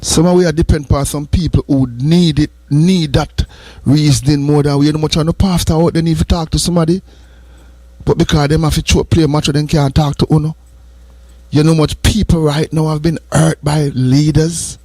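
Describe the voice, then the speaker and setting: A man's voice: fairly high pitch, fairly even intonation, brisk, mellow, dry recording. Jamaican male host, patois-flavored morning sermon talk, repetitive and earnest; dry, close recording. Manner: earnest and repetitive, drifting between patois and English. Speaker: radio host. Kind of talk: morning radio talk, preachy advice.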